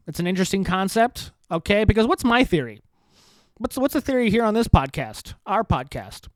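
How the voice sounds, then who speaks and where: A man's voice: high voice, smooth, dry recording. A man hosting a podcast, rambling through political commentary in a profane, sarcastic way and laughing often. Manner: profane, sarcastic, laughs often, puts on mocking voices in quotes. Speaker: podcast host.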